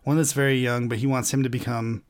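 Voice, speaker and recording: A man's voice: medium pitch, level tone. Rambling, swearing man in casual chat. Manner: rambling, halting, swears freely.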